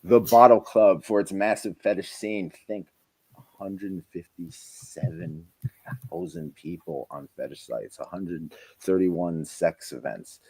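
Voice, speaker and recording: A man hosting a casual podcast chat, animated and jumping between loud bursts and low mumbles. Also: slow, breathy edge, poor audio. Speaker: podcast host.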